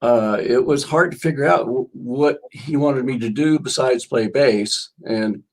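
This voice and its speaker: An older male musician, appearing as a guest, coughs as he tells rambling stories in an interview and reads passages from his own book. His voice sits in the mid-range and he speaks unhurriedly.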